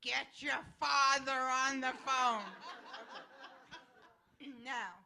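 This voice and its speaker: Bright, animated older woman storyteller. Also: fairly high pitch, poor audio. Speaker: panel guest. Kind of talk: storytelling on a panel.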